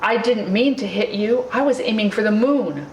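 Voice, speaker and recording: A woman's voice: mid-range voice, moderate pace, slight background noise, natural voice. A woman doing a proud elephant-headed boy god. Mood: earnest. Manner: bright, childlike, expressive. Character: chubby young boy god with an elephant head, greedy and proud. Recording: roomy, distant mic, faint ambience.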